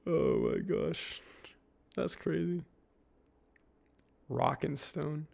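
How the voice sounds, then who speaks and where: Gravelly-voiced man joking on stream. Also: mid-range voice, fairly even intonation, moderate pace, long pauses. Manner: joking and rambling, laughs at his own lines. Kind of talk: casual live-stream chat with viewers.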